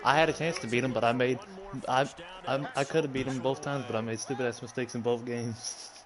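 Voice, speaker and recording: A young man banters and curses at a friend over a football video game, complaining about his own mistakes. His voice sits in an ordinary middle range. A loud game crowd plays in the background. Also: medium pitch, steady tone, a little fast. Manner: profane, trash-talking. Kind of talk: casual gaming banter. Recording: game crowd noise behind.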